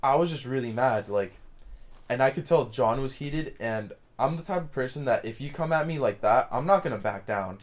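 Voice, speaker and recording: With a medium-pitched, expressive voice at moderate pace, this young adult narrates a story while playing a game. As a let's play commentator, he rambles casually, stumbling through many fillers and restarts.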